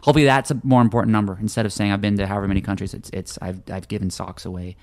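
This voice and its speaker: Male podcast guest, low-pitched, rapid talker who trips over his openings. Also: steady tone, darkish tone. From United States. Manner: rapid, repeats words when starting sentences. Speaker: guest author. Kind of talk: casual interview chat.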